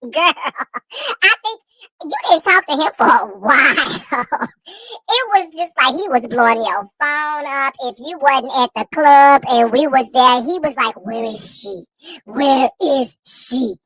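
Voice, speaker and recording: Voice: sits high, expressive, unhurried, bright, forceful tone, no echo, poor audio. An adult friend in casual podcast chat, gossiping in a sassy, profane way.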